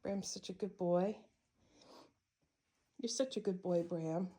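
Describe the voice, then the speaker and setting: A woman filming a casual vlog while looking after her cats, speaking softly, cooing to them and pausing often with fillers. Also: on the low side. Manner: hesitant, with many fillers. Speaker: cat caretaker.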